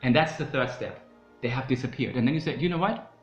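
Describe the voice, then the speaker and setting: A man delivers a mock self-help lecture at a quick clip, rambling and tagging lines with "okay?". The recording sounds roomy and dull, with faint music behind him. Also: medium pitch. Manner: rambling, repeats "you know" and "okay?". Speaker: comedy podcast host.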